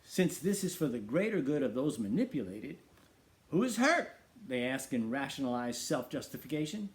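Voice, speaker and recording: A man's voice: mid-range voice, sing-song, moderate pace. A middle-aged man hosting a talk show, preaching emphatically and firing off rhetorical questions. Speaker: radio show host. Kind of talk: preaching monologue.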